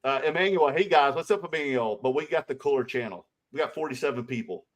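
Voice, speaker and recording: A middle-aged man with a Southern US accent, co-hosting a casual card collecting livestream, greeting viewers with loud sing-song shout-outs. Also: mid-range voice, lively intonation, fast. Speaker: co-host of a card collecting show.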